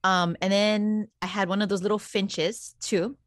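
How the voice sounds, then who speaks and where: A middle-aged woman co-hosting a podcast, telling animated stories in casual chat, swearing freely and checking in with her listeners as she goes. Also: medium pitch, a little slow, no echo. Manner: animated storyteller, swears freely, keeps checking in with "okay?" and "right?". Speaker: podcast co-host.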